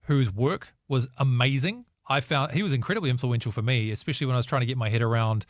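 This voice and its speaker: A man with a New Zealand accent hosting a casual chat show, lively and jokey, often slipping into mocking voices. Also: medium pitch, fast, no room sound, clean studio sound. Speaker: host.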